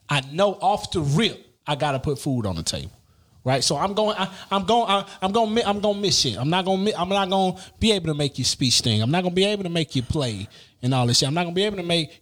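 A man's voice: high-pitched, a bit bright. A young man, a father, arguing emphatically in casual slang-heavy chat. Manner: emphatic, slangy, repeats "you get what I'm saying".

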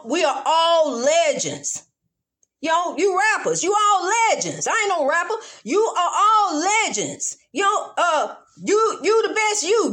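A woman's voice: very high-pitched, a bit bright. A woman preaching in a fervent, repetitive monologue with a church cadence.

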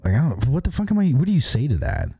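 A man's voice: mid-range voice, very animated, very fast, mellow, breathy edge. A man co-hosting a podcast, chatting casually and trading crude, joking banter. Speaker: podcast co-host. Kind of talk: casual chat.

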